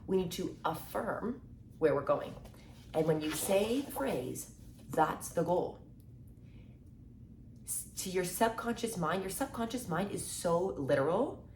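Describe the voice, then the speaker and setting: Twenties woman chatting motivation at the camera, lowish voice, upbeat, lots of like and right, roomy echo. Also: lively intonation, darkish tone, a little hiss or hum. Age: 20s. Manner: chatty and upbeat, acts out quick quoted exchanges, says "like" and "right?" often. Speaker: mindset content creator. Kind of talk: casual motivational talk to camera. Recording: echoey room with faint ambience.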